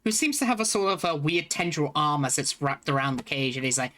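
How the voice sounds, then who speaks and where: A man narrating a tabletop game as game master, halting with fillers as he describes the scene. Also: a little high, lively intonation, pushed and bright.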